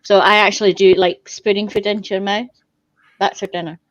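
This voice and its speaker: A woman's voice: mid-range voice, level tone, no room sound, lo-fi sound. A woman in a casual group chat, blunt and swearing. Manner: blunt, swearing, quick interjections.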